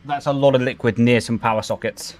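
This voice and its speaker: A man's voice: medium pitch, fairly even intonation, a little fast. A young man chatting casually on a sim racing livestream, thinking aloud as he sets up his rig. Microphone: headset.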